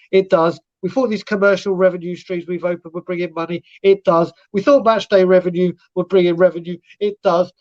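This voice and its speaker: A man's voice: high voice, darkish tone, lo-fi sound. A man co-hosting a live football fan stream, ranting sarcastically and swearing.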